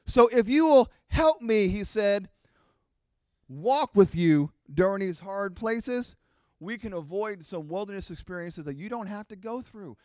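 A middle-aged man preaching a sermon to his congregation, animated and acting out the voices of his listeners. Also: high-pitched, unhurried, no room sound, clean studio sound. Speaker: pastor.

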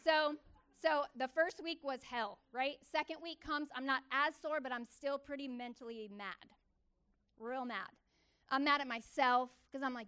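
A woman preaching a testimony sermon to a church gathering, telling her story with animated, emphatic repetition. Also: high voice, normal speed. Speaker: church speaker.

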